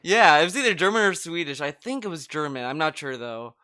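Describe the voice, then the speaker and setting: Bright, smooth-voiced man chatting casually. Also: on the high side, expressive, brisk. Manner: rambling, filler-heavy, frequent restarts. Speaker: podcast co-host. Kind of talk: casual chat.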